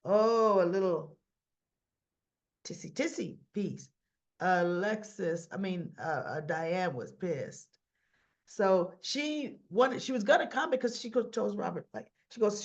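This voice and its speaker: A woman with a rough-sounding voice, casually recapping a soap opera episode and acting out the characters' lines with fillers and self-corrections. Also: mid-range voice, dull audio. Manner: chatty retelling with quoted dialogue, fillers and self-corrections.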